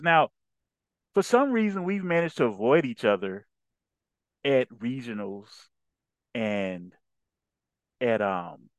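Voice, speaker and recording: Animated, laughing male podcast co-host. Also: a little high, no room sound. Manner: laughing, playful trash-talk. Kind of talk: casual podcast chat.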